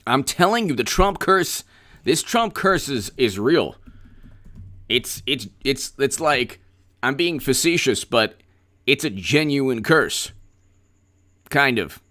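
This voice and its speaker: A man's voice: mid-range voice, very animated, slow pace, pauses often, bright, forceful tone. A man hosting a political commentary livestream, talking in a sarcastic, rambling way with stammered repeats.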